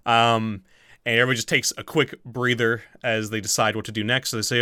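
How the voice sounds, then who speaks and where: A man's voice: medium pitch, level tone, brisk, pushed and bright, smooth, no echo, studio quality. A man running a tabletop game as game master, rambling with fillers, swearing casually and laughing often.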